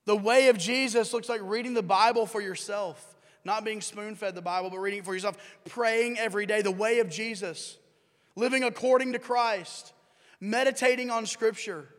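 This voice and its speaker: A man with a high, light voice preaches a sermon to his congregation, talking conversationally, tossing questions to the room and repeating his key lines. His voice rings out with the long reverb of a large church hall. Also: moderate pace, fairly bright tone. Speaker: pastor. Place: church sanctuary.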